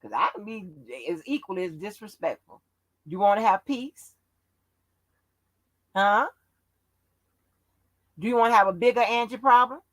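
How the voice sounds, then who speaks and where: A woman's voice: mid-range voice, normal speed, long pauses, no echo, rough recording. A woman hosting a casual live stream, brash and profane, teasing and needling her chat commenters. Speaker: livestream host.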